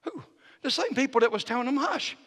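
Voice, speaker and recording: Male guest preacher, very lively pitch, folksy delivery, shouted highs, church reverb. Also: quick pace. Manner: swings from low intimate storytelling to shouted climaxes; folksy Southern-style phrasing with "ain't" and "y'all". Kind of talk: sermon. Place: church sanctuary.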